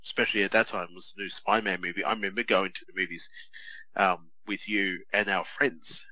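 A man, co-hosting a podcast and telling stories in a chatty, animated way full of restarts. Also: deep voice, a little fast, no room sound, poor audio. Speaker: podcast co-host. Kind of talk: casual chat.

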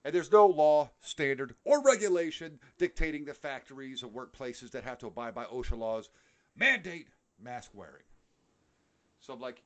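A man's voice: mid-range voice, animated, normal speed. A middle-aged man with a New York accent, co-hosting a podcast in a heated, profane casual rant. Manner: heated, profane ranting with frequent swearing. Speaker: podcast co-host. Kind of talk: casual chat.

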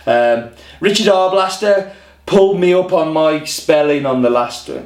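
A man hosts a casual coffee vlog, talking to camera in a chatty, rambling way with self-deprecating asides. His voice sits a little higher than most men's. The sound carries a roomy echo. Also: expressive, a little slow.

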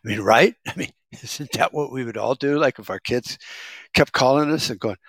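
A man's voice: mid-range voice, moderate pace, gravelly, a bit bright, no echo. A middle-aged man talking in a casual, rambling monologue, sarcastic and wisecracking. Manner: rambling, sarcastic, self-described smartass. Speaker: vlogger.

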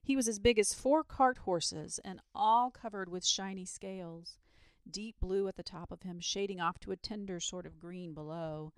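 A woman's voice: lowish voice, vocal fry, no room sound, studio quality. A woman voicing a frightened middle-aged male shepherd who speaks in agitated, rustic country talk.

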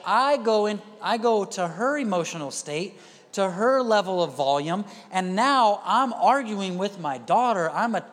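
A male pastor giving a conversational sermon, dropping to quiet asides and rising to loud emphatic bursts. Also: high voice. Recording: reverberant hall.

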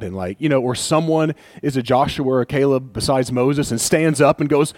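A man preaching a conversational sermon, animated and acting out people's complaints with laughs. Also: medium pitch, normal speed, dry recording. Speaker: pastor.

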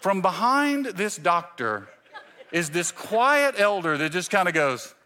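Pastor guy in his 40s, animated funny story sermon, voice jumps all over, bright tone. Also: sits high, takes it slowly. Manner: animated, self-mocking storytelling with voiced quotes. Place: church stage.

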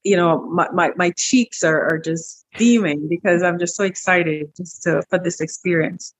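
A middle-aged woman who owns a wellness clinic tells a personal story as an interview guest, lively and animated. Her voice is slightly rough and moderately paced, and she repeats words and breaks into high voices when quoting people.

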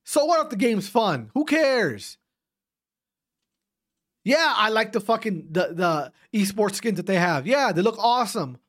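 A young man giving a profane, heated esports rant, repeating himself and dropping to quiet asides. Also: sits high, big pitch swings, unhurried. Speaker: esports commentator. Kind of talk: ranting casual commentary.

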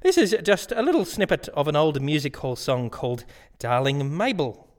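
A man's voice: on the high side, big pitch swings, moderate pace. A man hosting a comic radio-style show, polite and earnest, often chuckling. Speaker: host.

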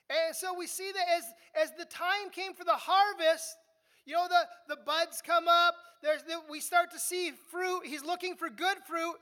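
A woman's voice: very high voice, fairly bright tone. A woman preaching an expository sermon in a conversational teaching manner, often repeating a word as she restarts a phrase.

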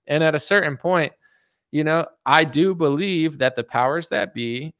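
A young adult man ranting casually about politics, quick and animated, breaking into mocking put-on voices now and then. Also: fairly high pitch, dry recording, studio quality. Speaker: political commentator.

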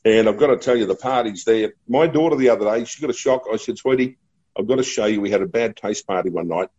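Captured on a dull, lo-fi recording, this fast-talking Australian radio man in middle age swaps easygoing anecdotes, chuckling freely along the way. There's a husky, mellow quality to his low-pitched voice.

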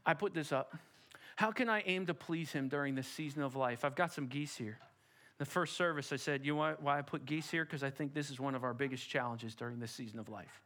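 A man's voice: medium pitch, brisk, fairly bright tone. A middle-aged pastor preaching a sermon in a church, direct and emphatic, putting rhetorical questions to his congregation. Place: church sanctuary.

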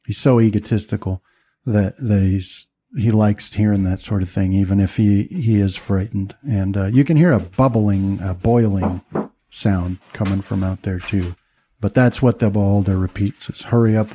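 Dark-voiced man running a tabletop game. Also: lowish voice, husky. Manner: halting, descriptive, many fillers. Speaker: game master.

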